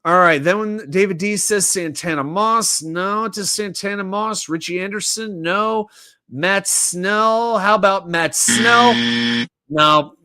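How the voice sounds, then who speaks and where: Smooth and slow, this high-voiced man hosts a casual sports livestream with trivia. He's lively, reading viewers' chat aloud and joking as he goes.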